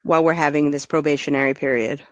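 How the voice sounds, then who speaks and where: A woman hosting a podcast in casual chat, deadpan and teasing. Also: low voice, quick pace, no echo, dull audio.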